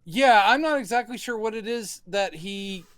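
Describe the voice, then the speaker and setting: A man's voice: high-pitched, normal speed, fairly bright tone, smooth, no room sound. A man co-hosting a podcast, chatting thoughtfully about a horror film, hedging his points and laughing easily. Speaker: podcast co-host. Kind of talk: casual movie review chat.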